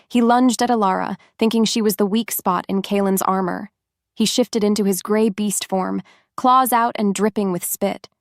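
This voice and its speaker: Woman, audiobook narrator, steady even delivery, dry close sound, mid pitch. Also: no room sound.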